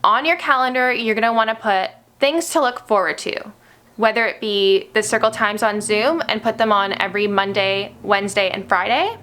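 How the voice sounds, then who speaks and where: A young adult woman, an early childhood educator, gently giving parents advice on helping young children through stress. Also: medium pitch. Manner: gentle, instructive, uses "therefore" often.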